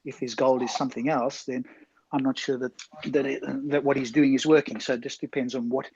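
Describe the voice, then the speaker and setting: A man in a casual voice chat, speaking in a measured, reasoned way with small hesitations. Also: mid-range voice, flat delivery, darkish tone, breathy edge, no room sound. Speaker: voice chat participant. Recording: dull lo-fi online audio with faint noise.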